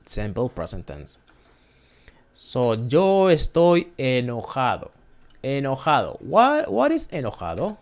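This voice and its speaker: A man's voice: medium pitch, huge pitch swings, a little slow. A man hosting a casual beginner Spanish lesson, hesitant, repeating phrases and correcting himself. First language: not Spanish. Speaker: language video host. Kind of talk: casual screen-share lesson.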